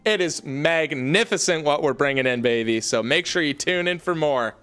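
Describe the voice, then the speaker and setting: A man's voice: a little high, normal speed, a bit bright, clear, resonant tone, soft background music. A young man hosting a casual home livestream, hyped and chatty, talking straight to his viewers. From Canada. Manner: hyped, talks to chat, calls viewers baby and y'all. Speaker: livestream host. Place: home basement room.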